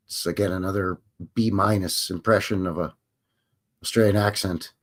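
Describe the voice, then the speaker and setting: A low-voiced man with a Canadian accent runs a rambling, jokey livestream Q&A. His intonation stays fairly even and he talks at a normal speed.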